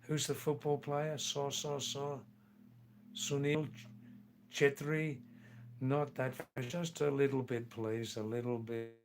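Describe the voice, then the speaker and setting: An older man chats slowly and unhurriedly on a live stream. He reads viewer comments aloud and answers them with playful, teasing remarks, his voice sitting at an ordinary middle pitch. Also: flat delivery, a little hiss or hum. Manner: slow, playful, teasing asides. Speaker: livestream host.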